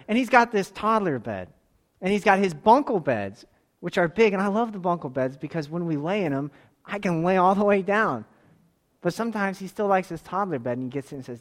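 A pastor with a high-pitched voice preaches a sermon emphatically, pressing listeners with direct questions. His lively intonation moves at a normal speed as he swings from loud, urgent exhortation to soft, close asides.

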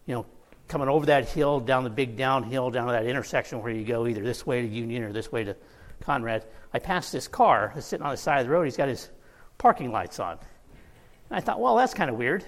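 A man's voice: mid-range voice, a little fast. A man preaching a sermon, telling a personal story with laughs and easy asides. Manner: storytelling, laughing through anecdotes. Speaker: pastor. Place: church sanctuary. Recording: long reverb of a church hall.

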